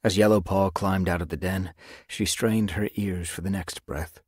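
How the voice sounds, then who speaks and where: A man narrating an audiobook in a measured storytelling manner. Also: sits low, steady tone, slightly rough, no echo, clean studio sound. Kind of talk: scripted narration.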